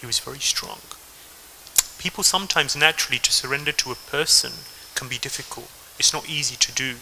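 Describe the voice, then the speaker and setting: An Englishman with an English accent gives a devotional talk as a temple speaker, telling stories and speaking straight to the audience. His voice is medium-pitched, fairly quick and sharp in tone. The audio is poor, with a little hiss or hum.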